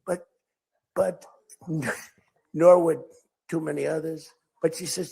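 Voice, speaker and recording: This older political speaker talks slowly and pauses often, his fairly high voice steady, gravelly, mellow and slightly rough. Speaking off the cuff to a crowd, he rambles through stories and voices the quoted lines in different characters.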